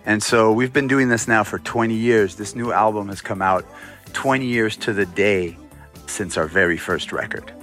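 A man in his forties, a musician from Montreal, explaining his band's music in a relaxed, casual interview. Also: fairly low pitch, normal speed. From Montreal, Canada. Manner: relaxed, explanatory, with frequent fillers. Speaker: musician guest.

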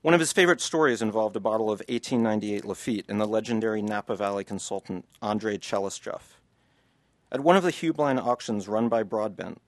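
A man's voice: fairly low pitch, no room sound. A man, an author, reading passages from his book to an audience and then answering questions in a loose, chatty way.

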